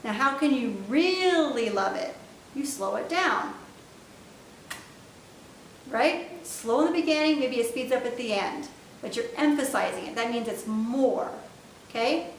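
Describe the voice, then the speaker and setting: Brief: patient female sign-language teacher, slow deliberate delivery, slightly high voice, echoey room with distant mic and faint rumble. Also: lively intonation. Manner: patient, demonstrative, repeats each word slowly. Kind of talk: step-by-step instructional lesson.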